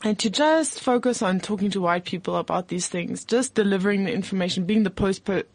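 A woman's voice: medium pitch, brisk, a little mellow, dry recording. A woman, a teacher, speaking hesitantly in a group discussion, often restarting and searching for words. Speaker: teacher and theatre maker.

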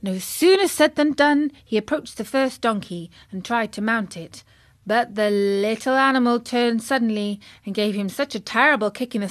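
A woman reading a children's story aloud, slowly and expressively. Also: on the high side, dry recording, studio quality.

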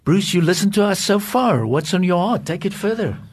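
A man hosting a Christian leadership discussion, asking questions eagerly and praising his guests warmly. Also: high-pitched, animated, fairly quick, husky. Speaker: program host.

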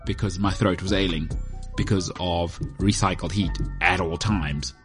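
Deep, fairly even and unhurried, a bit bright, the voice of this podcast host sits over faint background music. He chats alone in a casual, rambling monologue full of self-mocking jokes, recorded indoors in a heated room.

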